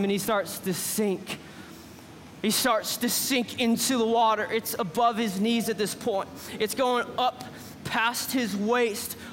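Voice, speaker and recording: High-voiced man preaching in a big hall. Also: slight background noise. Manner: excitable, acts out characters, drops to a hush for drama. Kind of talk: animated sermon storytelling. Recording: long hall reverb with faint ambience.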